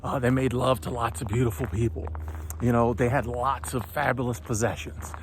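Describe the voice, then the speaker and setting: A man, hosting his own channel and delivering an impassioned motivational monologue, preachy and animated, sometimes stumbling over his words. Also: medium pitch, moderate pace, a little hiss or hum. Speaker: channel host.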